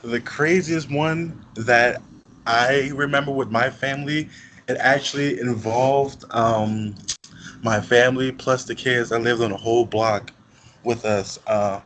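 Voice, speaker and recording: Relaxed young Jersey man, faint hiss. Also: mid-range voice, measured pace, low-quality recording. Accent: New Jersey. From Newark, New Jersey. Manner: relaxed, rambling, with restarts. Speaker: host. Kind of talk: casual chat.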